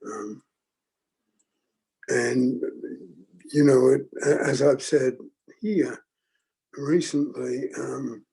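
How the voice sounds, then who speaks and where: An older man talks slowly and thoughtfully to a group, with frequent pauses and restarts. His voice is gravelly and husky, with a dark, mellow tone. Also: medium pitch, low-quality recording. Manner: slow, halting, with many ums and restarts. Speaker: teacher leading a forum. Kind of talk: reflective group teaching talk.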